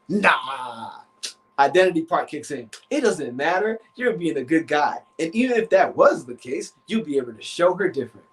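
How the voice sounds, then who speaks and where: Male relationship coach, casual storyteller, raised pitch, very lively melody, slang and swearing. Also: moderate pace. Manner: animated, slangy and profane, acts out his inner voices. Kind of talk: casual live-stream storytelling.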